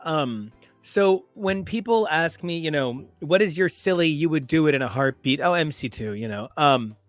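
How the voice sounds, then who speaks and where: A man's voice: a little high, animated, normal speed, no echo, soft background music. A man co-hosting a casual podcast, joking and making puns in a playful way. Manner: jokey, punning, playful. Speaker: podcast co-host. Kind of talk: casual comics discussion.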